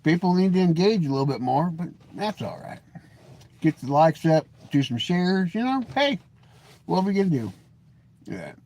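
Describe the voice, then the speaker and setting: A man from the Pacific Northwest hosting a casual, rambling live stream, folksy and joking, calling himself grumpy. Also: moderate pace. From Washington state. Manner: lively pitch swings, mimics voices in anecdotes.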